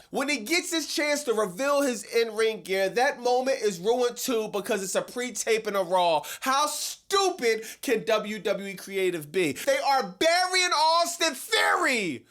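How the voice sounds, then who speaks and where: Brash mocking man with a high voice. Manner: mocking, brash, shouty bursts. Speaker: wrestling commentary host. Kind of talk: comedic rant to camera.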